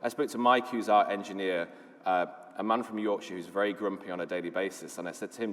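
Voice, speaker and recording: Low-voiced british guy giving a conference talk, chatty and keen, reverb from the hall. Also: fairly even intonation, fast talker, fairly bright tone. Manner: enthusiastic storytelling, conversational with fillers. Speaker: conference speaker, lead designer.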